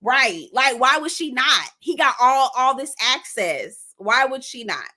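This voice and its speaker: A young woman, hosting a casual live stream, animated and cussing freely as she reacts and reads comments aloud. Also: sits high, a little slow.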